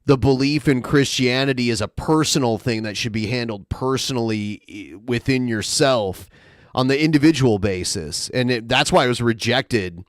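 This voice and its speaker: A man's voice: medium pitch, normal speed, no echo. A man co-hosting a podcast, chatting casually with dry, sarcastic jokes. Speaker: podcast co-host. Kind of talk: casual chat.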